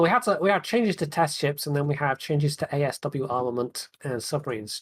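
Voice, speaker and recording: A man hosting a gaming podcast in casual chat, chatty and quick to laugh, often trailing off mid-sentence. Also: medium pitch. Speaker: podcast host.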